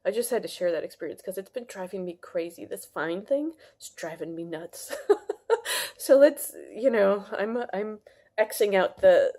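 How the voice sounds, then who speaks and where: Woman, mid-pitched, heartfelt rambling vlog to camera. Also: lively intonation, normal speed, mellow. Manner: earnest, rambling, with many restarts and fillers. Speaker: wellness vlogger. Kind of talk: casual heartfelt monologue to camera.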